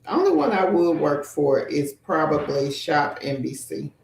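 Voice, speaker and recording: A woman's voice: low voice, sing-song, moderate pace, vocal fry, a little mellow, reverberant, a little hiss or hum. A woman co-hosting a casual livestream, greeting viewers by name and reading out their comments.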